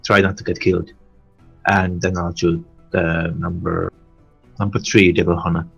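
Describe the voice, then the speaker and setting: A man's voice: deep voice, level tone, moderate pace, vocal fry, muffled recording, soft background music. A man playing a tabletop game, stating his moves in a plain, matter-of-fact way. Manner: plain, matter-of-fact, states actions step by step. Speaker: player.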